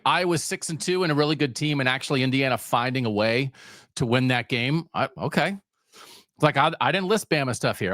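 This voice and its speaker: A man's voice: a little high, fairly bright tone, no echo, clean studio sound. A man hosting a sports talk podcast, delivering a sarcastic, emphatic solo rant.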